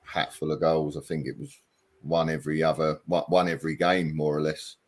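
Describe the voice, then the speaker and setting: Deep-voiced middle-aged man, hesitant. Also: level tone, a little fast. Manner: hesitant, self-deprecating, many ums. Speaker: former footballer guest. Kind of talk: casual interview chat.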